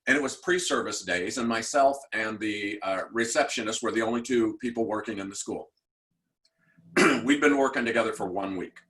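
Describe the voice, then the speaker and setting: Man, 60s, education speaker; bright, pressing delivery, animated storyteller who questions the room. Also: medium pitch. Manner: animated storyteller who acts out quoted voices; direct, asks the audience questions. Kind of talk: motivational talk.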